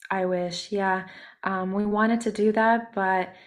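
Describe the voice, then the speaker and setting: A woman singer with a hoarse voice from a cold, speaking softly with many pauses in a casual interview. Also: mid-range voice, fairly even intonation. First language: Russian. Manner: soft-spoken, many ums and pauses. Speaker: singer and musician, interview guest.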